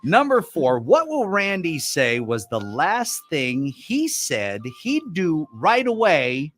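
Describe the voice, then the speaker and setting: A male radio host who quizzes his contestant in a playful, joking way. His pitch swings widely from line to line. Soft music plays underneath. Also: wildly swooping pitch, takes it slowly. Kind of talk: radio game show hosting.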